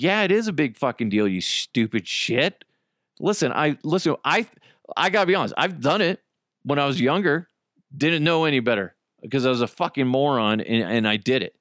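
A man hosting a solo podcast while high, rambling, swearing heavily and laughing often. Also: fairly bright tone, no room sound, studio quality. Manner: profane, rambling, frequent laughter. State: high on cannabis. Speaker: podcast host.

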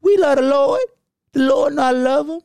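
A man doing a high-pitched petty teasing alter ego. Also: vocal fry, a little mellow, no room sound, clean studio sound. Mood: playful. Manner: needling, rapid-fire taunting questions. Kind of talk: podcast banter.

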